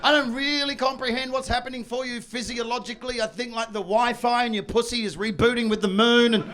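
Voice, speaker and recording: A man doing a stand-up comedy set, brash and loud, bursting into shouts and mock voices. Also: extremely high pitch, fairly even intonation, fairly quick. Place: comedy venue with audience.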